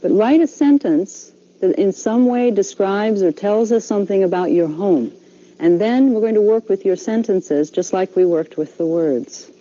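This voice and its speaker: A woman's voice: medium pitch, moderate pace, mellow, dull audio. Patient woman teaching a language class. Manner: patient, repeats instructions, many okays.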